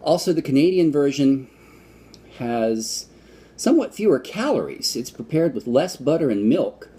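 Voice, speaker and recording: A man's voice: fairly high pitch, very animated, moderate pace, mellow, husky. A man from the United States giving a casual, rambling food review vlog, with fillers and restarts. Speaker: vlogger.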